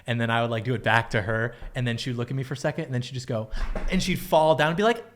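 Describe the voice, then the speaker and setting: A young man talking quickly on a casual podcast. He has a wry, deadpan way of telling stories, at a middle pitch for a man. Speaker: guest, political video maker.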